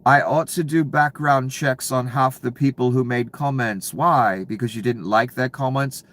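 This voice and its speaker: A man delivering a profane, angry political rant to viewers, dropping to low mutters and then bursting out loud. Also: moderate pace. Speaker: commentary channel host.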